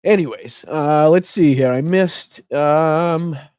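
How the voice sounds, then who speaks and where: A man's voice: a little high, slow, a little mellow, clear, resonant tone, dry recording. A middle-aged man with a Boston accent hosting a casual political livestream, greeting viewers by name and swearing freely. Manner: casual, swears freely, reads out chat names. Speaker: host of a political livestream show. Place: home room with air conditioner running.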